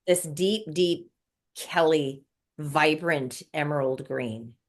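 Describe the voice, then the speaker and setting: Speaking slowly in a low-pitched voice, this woman is a guest in a relaxed chat. Her emotional spiritual story comes out breathless and repetitive, with words said again and again.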